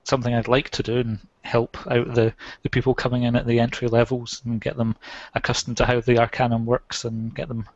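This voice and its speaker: A man's voice: mid-range voice, completely flat delivery, brisk, hardly any pauses, no echo. Rich-voiced man on a dry headset. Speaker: photography student guest. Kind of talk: casual online hangout chat. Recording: dry, dull headset audio.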